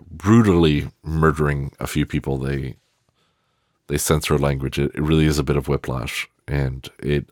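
Guy with a super low voice rambling about a movie, swears a lot, dry close sound. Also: dry recording. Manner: rambling and profane, with many fillers and restarts. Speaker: film reviewer. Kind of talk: casual film commentary.

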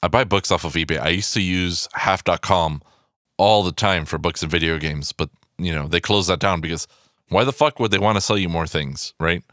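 A man in his thirties hosting a podcast, talking in an excitable, rambling way, swearing a lot and going off on asides. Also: deep voice, normal speed, no echo, studio quality. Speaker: podcast host. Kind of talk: casual podcast monologue. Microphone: podcast microphone.

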